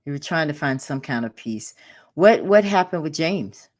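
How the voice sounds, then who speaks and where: A woman hosting a talk show, asking gentle, sympathetic questions of her guest. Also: low voice, expressive, moderate pace. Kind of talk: interview.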